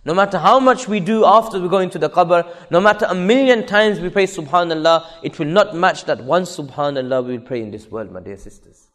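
A man delivers a sermon in a high, carrying voice. He speaks emphatically and drives home each point by repeating it. His words ring out with a long, lingering hall reverb. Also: animated, brisk, a bit bright. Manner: emphatic, repeats key phrases. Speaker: preacher addressing women.

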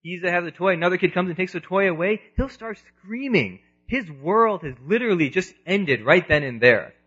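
A man in his thirties giving an earnest religious lecture, moving between loud emphasis and quiet asides, in a dull lo-fi recording. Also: high voice, animated, normal speed, slightly rough. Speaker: preacher.

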